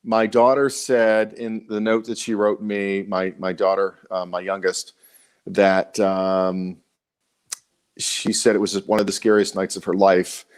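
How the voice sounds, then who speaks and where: A middle-aged man with a Baltimore accent, co-hosting a casual live show, talking in an earnest, halting way with many restarts and sounding tired after an illness. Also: low voice, little pitch movement, clear, resonant tone. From Baltimore, USA. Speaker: co-host.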